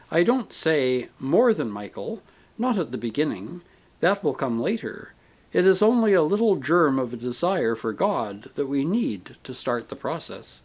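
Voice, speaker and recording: Man doing a kindly male spirit, calm and reasoning, lively pitch, slightly high voice, audiobook. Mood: patient, reasoning. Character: gentle patient male spirit, brother figure. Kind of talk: audiobook character reading.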